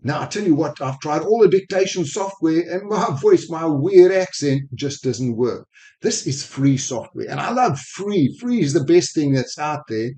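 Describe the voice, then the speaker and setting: A man with a mixed South African, Spanish and American accent, a sales technology speaker giving a screen-recorded software walkthrough, talking quickly and enthusiastically into a desk microphone. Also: on the high side, expressive. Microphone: desk microphone while screen recording.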